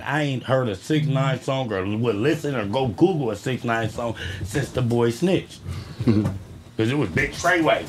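A man co-hosting a podcast, loose banter with friends in street slang, given to loud outbursts. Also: mid-range voice, a little hiss or hum. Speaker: podcast co-host.

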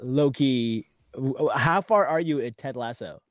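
A man hosting a podcast, chatting casually and laughing often, with quick restarts as he talks. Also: medium pitch, no room sound, studio quality. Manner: laughing, joking, stammers on restarts. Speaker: podcast host. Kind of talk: casual chat.

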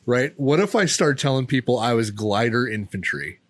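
A man trading quick jokes in casual chat on a podcast. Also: mid-range voice, expressive, dry recording. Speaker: podcast co-host.

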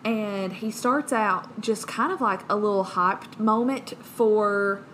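A woman's voice: mid-range voice, slow, fairly bright tone, slight background noise, poor audio. A woman co-hosting a casual Bible-study podcast, bubbly and joking, laughing often. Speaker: podcast co-host.

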